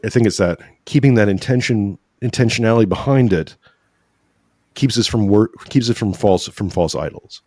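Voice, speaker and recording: Fairly low in pitch and a little mellow, this guest's voice moves at a moderate pace in clean studio sound without room echo. He discusses faith earnestly and in a preachy manner on a conversational podcast, frequently adding "right?" and occasionally turning emotional.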